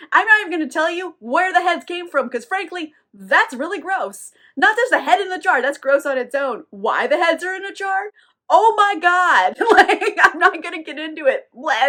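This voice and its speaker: High-voiced woman, animated and profane. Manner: animated, profane, laughs often. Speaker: book reviewer. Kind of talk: casual book recap vlog.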